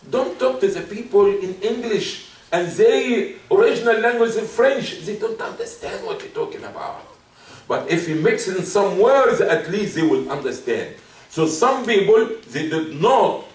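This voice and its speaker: A man preaching a Friday sermon, emphatic and repeating his key points. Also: fairly high pitch. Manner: acts out soft apologetic asides. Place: mosque hall. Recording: roomy, distant mic.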